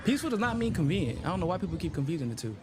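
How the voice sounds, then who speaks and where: A man's voice: a little high, rapid-fire, noisy background. A man, co-hosting a casual political chat with lots of laughter and cursing. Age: 30s. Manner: loud laughs, profane and animated. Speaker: co-host.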